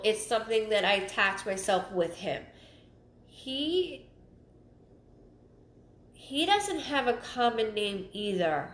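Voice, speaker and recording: Woman psychic medium, fairly high voice, halting delivery that loops phrases, stuffed-up sound, in a roomy space. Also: fairly bright tone. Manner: halting, repeats phrases, thinks aloud. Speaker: psychic medium giving a live reading. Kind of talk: livestream reading. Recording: roomy echo.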